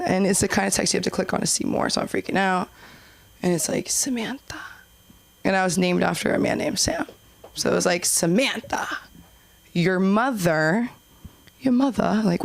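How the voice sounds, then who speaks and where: A young woman hosting an open mic and doing a rambling, giggly stand-up set, full of restarts and filler. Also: medium pitch. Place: comedy club stage.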